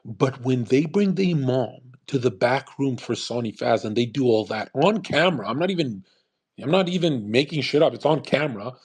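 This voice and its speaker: Man, husky voice, mid pitch; rambling profane commentary host. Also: expressive, moderate pace, darkish tone. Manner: rambling, profane, emphatic, restarts often. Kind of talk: casual monologue commentary.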